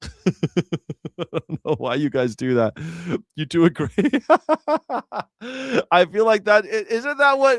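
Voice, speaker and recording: A man's voice: sits high, lively intonation, slow pace, pauses often, no room sound, clean studio sound. A man hosting a live news-reaction stream, rambling and joking in casual commentary. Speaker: host.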